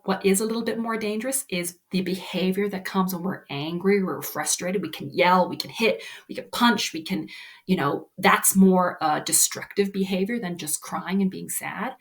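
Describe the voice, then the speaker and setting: Young woman, kids' life coach, soft and reassuring, keeps asking "right?". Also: fairly low pitch. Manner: gentle, reassuring, often ending with "right?". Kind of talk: explaining lesson to children.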